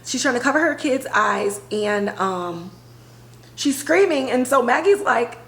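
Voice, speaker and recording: A woman podcast host retelling a TV episode in a casual, animated way, full of filler words. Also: a little high, unhurried, roomy sound, rough recording. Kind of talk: casual storytelling recap.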